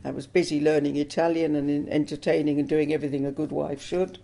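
A woman's voice: sits low, steady tone, fast, vocal fry, dark tone. An older woman from England, telling her life story in an interview with earnest emotion. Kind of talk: personal testimony interview.

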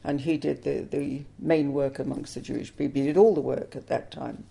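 Older woman with a gravelly voice. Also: a bass voice, steady tone, a little fast, dark tone. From England. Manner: earnest, emotional storytelling. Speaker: interviewee. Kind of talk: personal testimony interview.

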